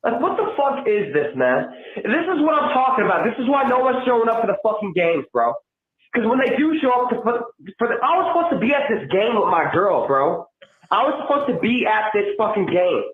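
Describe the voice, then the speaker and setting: A man calling in by phone to a podcast, ranting angrily and cursing, often yelling. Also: high voice, sing-song, fairly quick. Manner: profane, yelling, heated. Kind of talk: angry fan rant over the phone. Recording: tinny phone line, echoey.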